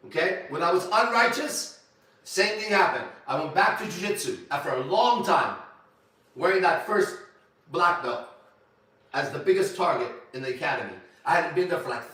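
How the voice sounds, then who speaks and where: A man tells a story to a small gathering in a profane, animated way, now and then breaking into shouts. His voice is bright and edgy. He sits back from the mic in a very echoey room. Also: on the high side, recorded from a distance. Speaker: ministry leader.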